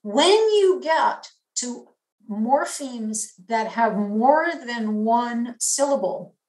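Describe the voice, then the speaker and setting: Woman lecturer, slightly high voice, unhurried academic delivery, roomy reverb. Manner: measured, explanatory, demonstrating signs. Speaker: linguistics lecturer.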